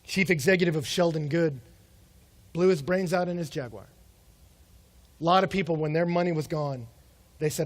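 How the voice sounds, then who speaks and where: A young adult man with a fairly high voice preaches a sermon. He keeps it conversational, firing off rhetorical questions and slipping into quick acted-out quotes of the people in his stories. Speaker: pastor.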